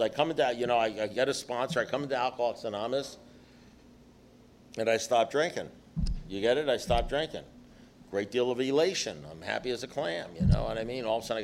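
An older man speaking to a recovery group in a blunt, profane, conversational way. He talks in punchy, repeated phrases and slips into mimicked voices. Faint noise sits behind him. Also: mid-range voice. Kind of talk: personal recovery talk to a group.

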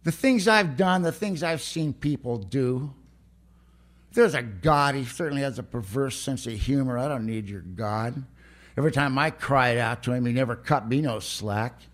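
A man's voice: mid-range voice, moderate pace. A man giving a blunt, streetwise personal testimony at a recovery meeting, often laughing as he talks.

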